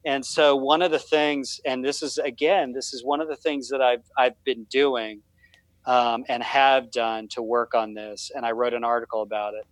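A man's voice: medium pitch, flat delivery, normal speed, no echo, poor audio. A man talking on a podcast, telling a fatherhood story in a rambling, self-deprecating way with many restarts. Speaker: podcast guest, fatherhood writer. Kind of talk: casual podcast conversation.

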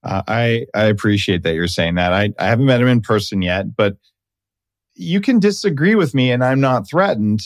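A man's voice: on the low side, lively intonation, normal speed, no room sound. A man hosting a podcast interview, talking in an earnest, enthusiastic, affirming way. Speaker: podcast host. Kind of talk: casual interview chat.

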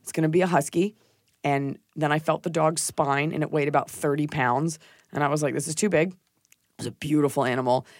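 A woman's voice: deep voice, brisk, no room sound, studio quality. A woman comedian co-hosting a podcast, telling stories in blunt, profane casual chat. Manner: blunt, profane, animated storytelling.

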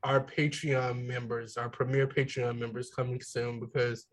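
A man's voice: medium pitch, flat delivery, moderate pace, poor audio. A man co-hosting a podcast in casual, joking chat with loose slang. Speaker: podcast co-host.

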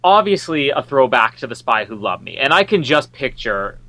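A man's voice: mid-range voice, very animated, moderate pace, bright, forceful tone, dry recording. A man co-hosting a casual film chat, offering wry, opinionated commentary. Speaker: podcast co-host.

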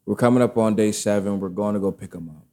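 His voice runs on the low side with fairly even intonation, fast and warm. He's a guest on a podcast, casually rambling through a lengthy personal story loaded with fillers and curse words.

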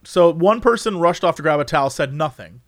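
A young man with a slightly high voice hosts a casual chat. He reads quiz questions aloud and jokes and curses about the answers. The sound is dry and close, with no room echo. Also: animated, fairly quick. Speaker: host.

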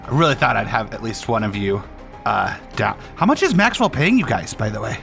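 A man's voice: lowish voice, brisk, vocal fry, soft background music, voice pushed down, heavily acted. A man playing a smug, cocky male villain who taunts the heroes. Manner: mocking, relaxed taunts.

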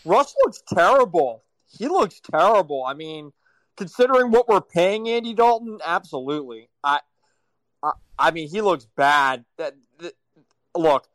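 A man's voice: a little high, lively intonation, measured pace, fairly bright tone, no echo. A man on a sports chat panel, giving his opinions with stammered restarts and a worried tone.

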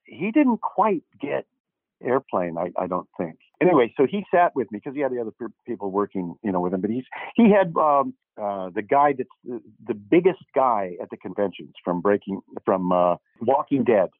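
An older man, an actor guest, telling lively anecdotes and acting out the dialogue, with many false starts. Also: fairly low pitch, normal speed, no room sound. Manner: animated storyteller who acts out quoted dialogue, with frequent restarts. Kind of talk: anecdotal interview storytelling. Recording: dry, tinny phone-like line.

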